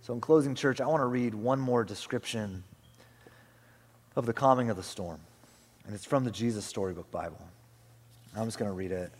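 A male pastor preaching a sermon in a church, passionate, rising to loud urging and dropping to hushed whispers. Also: lowish voice, normal speed, long pauses. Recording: echoey hall with soft music.

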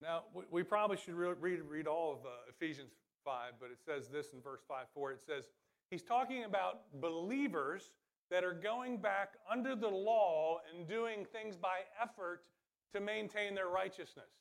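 A man's voice: high voice, moderate pace. A man preaching a sermon in a conversational way that builds to emphatic calls. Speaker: pastor.

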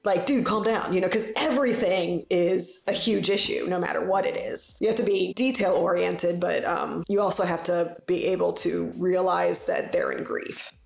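A woman's voice: fairly low pitch, moderate pace, gravelly, few pauses, a little mellow. A woman in her forties who works as a funeral director, talking in a casual, rambling way with lots of fillers. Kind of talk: casual podcast conversation. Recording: roomy echo.

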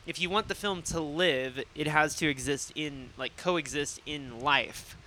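A man's voice: on the high side, measured pace, pushed and bright, a little hiss or hum. A man co-hosting a film podcast, talking in a rambling, casual way and swearing freely. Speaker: podcast co-host. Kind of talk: casual chat.

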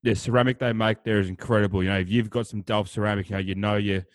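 A man's voice: fairly low pitch, steady tone, quick pace, dry recording. A man co-hosting a podcast, chatting casually and joking. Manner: joking, laughs between lines. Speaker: podcast co-host.

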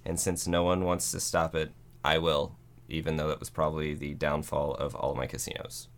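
A man's voice: rumbling low, flat delivery, moderate pace. A man doing a blustering boastful politician. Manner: blustering, boastful reading aloud. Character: impression of a boastful male politician reading.

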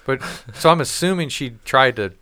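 A man spins a rambling, profane story in a casual chat, slipping into quoted voices along the way. His voice is smooth and resonant, and the sound is dry and close with no room to it. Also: mid-range voice, lively intonation, moderate pace, pushed and bright, no room sound.

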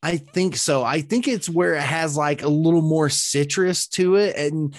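Slightly high-voiced man rambling casually. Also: unhurried, no echo, clean studio sound. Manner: relaxed, profane rambling with many fillers. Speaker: podcast co-host. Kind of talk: casual chat.

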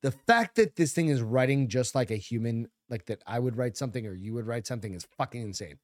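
A man's voice: mid-range voice, expressive, fast talker, no room sound, studio quality. A man co-hosting a casual podcast, swearing freely and reading news stories aloud with running asides. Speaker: podcast co-host. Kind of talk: casual chat.

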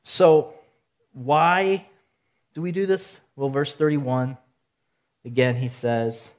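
A male pastor giving a measured sermon, teaching point by point and asking rhetorical questions. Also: medium pitch. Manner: steady, counts points aloud.

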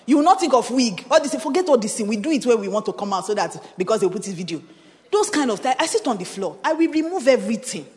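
Speaking fast with a lively, somewhat high voice, a woman pastor with a Nigerian accent shares personal testimony in her sermon. Her telling is animated, full of laughter, pidgin phrases and outbursts of shouting, all echoing through a reverberant conference hall.

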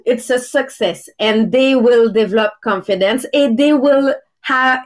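A woman, hosting a live podcast and searching for her English words. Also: high voice. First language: French. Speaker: podcast host. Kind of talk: casual live podcast talk. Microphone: video call.

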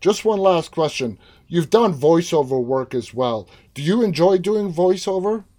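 A man's voice: fairly high pitch, expressive, unhurried, dark tone. Upbeat man hosting an interview. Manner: upbeat, wraps up with a sign-off. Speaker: interview host. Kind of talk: casual interview.

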